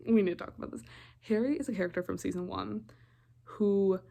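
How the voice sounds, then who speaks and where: A woman's voice: mid-range voice, fairly quick, vocal fry, mellow. A young woman vlogger recapping a TV show in a casual, rambling way, often breaking off mid-thought. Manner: rambling, chatty, interrupts herself often.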